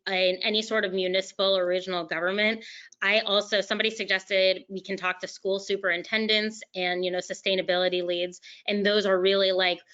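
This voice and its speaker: A woman's voice: medium pitch, pushed and bright. A woman directing a campaign's outreach who answers webinar questions in an upbeat, casual way. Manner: upbeat, casual, quick restarts. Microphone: video call. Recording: dull lo-fi call audio.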